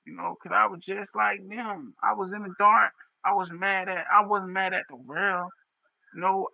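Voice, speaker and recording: A man's voice: fairly high pitch, vocal fry, dry recording, highs cut off. A young man talking straight into a livestream in a raw, impassioned, repetitive monologue. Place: livestream setup.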